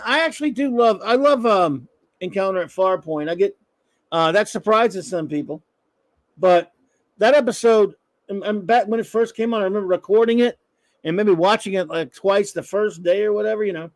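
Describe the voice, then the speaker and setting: A man's voice: high voice, normal speed, no room sound. A middle-aged man hosting a live stream, rambling and joking as he answers chat comments. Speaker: live-stream show host.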